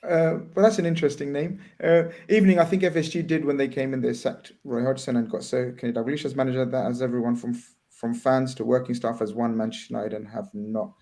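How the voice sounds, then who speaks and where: A man's voice: medium pitch, little pitch movement, mellow. A man hosting a casual live stream, reading out viewer messages and asking his guests about them. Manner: reads viewer messages aloud, halting. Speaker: host.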